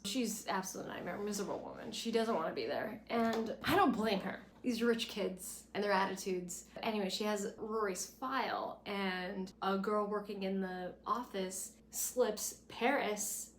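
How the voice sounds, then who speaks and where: A woman's voice: mid-range voice, unhurried, hardly any pauses, slight background noise. A woman giving a casual, chatty episode recap with a sarcastic edge, full of "like". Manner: chatty, sarcastic, says like a lot. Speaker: recap vlogger.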